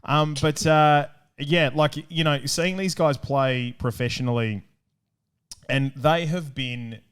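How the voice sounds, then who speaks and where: A man's voice: a little high, slow pace, smooth. Rambling Australian man co-hosting. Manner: enthusiastic, rambling with fillers. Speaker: show co-host. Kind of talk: casual chat.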